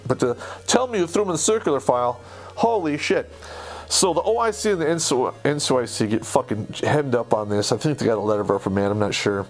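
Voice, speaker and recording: Man, army veteran, casual storytelling, profane and heated, mid-pitched voice. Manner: profane, heated, animated retelling.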